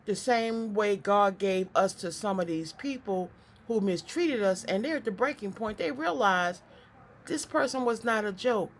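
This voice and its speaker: A woman doing a psychic card reading to camera. She talks in a chatty, animated way, often repeats words, and drifts into preaching. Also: medium pitch, a little slow, slight background noise.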